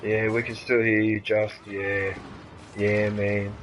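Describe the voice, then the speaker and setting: A man with an Australian accent chatting casually and excitably while streaming a game, rambling and swearing now and then. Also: fairly low pitch, slow, a little hiss or hum, low-quality recording. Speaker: gaming streamer.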